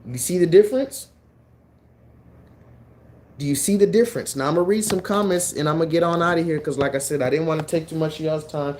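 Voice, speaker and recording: A man hosting a livestream, talking casually in an animated, mocking and then preachy way. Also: a little high, fast, pauses often, slight background noise. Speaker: livestream host.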